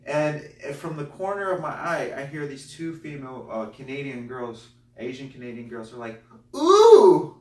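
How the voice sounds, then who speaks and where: A man, a comedian guest, telling a personal story in an animated, self-deprecating way. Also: medium pitch, moderate pace, hardly any pauses. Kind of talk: comic storytelling. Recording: roomy, distant mic, faint noise.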